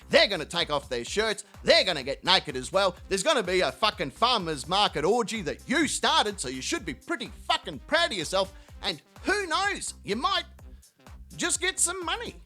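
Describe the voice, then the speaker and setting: High-voiced guy ranting, super lively swings, bright edgy tone, swearing nonstop, faint music behind. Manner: profane, mocking, rapid-fire tangents. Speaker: channel host. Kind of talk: crude comedic rant.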